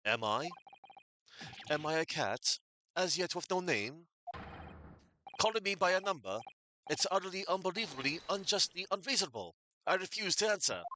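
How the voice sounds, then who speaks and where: A man voicing an excitable, paranoid male scholar in a game, given to dramatic, alliterative outbursts. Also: high-pitched, normal speed, long pauses, slight background noise, exaggerated voice. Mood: indignant. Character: excitable anxious Japanese male scholar prisoner. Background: game music.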